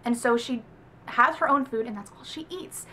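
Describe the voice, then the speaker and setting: A woman's voice: a little high, normal speed. A woman from the American South giving a casual, chatty book review vlog, with lots of "like" fillers. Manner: chatty, animated, heavy use of "like".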